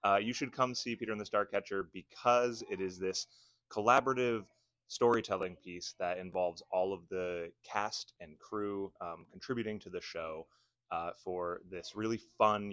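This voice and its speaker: A man with a deep voice speaks as a play director, earnestly urging people to come to the show. He pauses now and then with filler sounds. The recording is dry and close. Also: fairly bright tone, no room sound. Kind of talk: promotional pitch.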